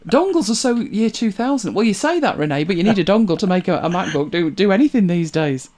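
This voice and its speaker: A woman's voice: medium pitch, lively intonation, fast, darkish tone. A British woman co-hosting a casual live stream, rambling through forum posts and viewer comments, humming to herself and chuckling as she goes.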